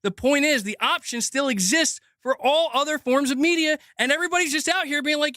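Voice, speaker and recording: Male streamer, high voice, sarcastic and heated profane rant, dry close sound. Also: brisk, hardly any pauses, bright, forceful tone, no room sound. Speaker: gaming news streamer. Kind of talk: livestream rant.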